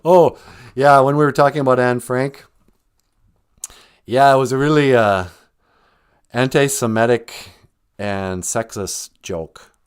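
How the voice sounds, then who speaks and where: A man's voice: mid-range voice, slow, long pauses, clean tone. A man hosting a live stream podcast, rambling and joking in a laid-back way. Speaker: podcast host. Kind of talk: casual live stream chat.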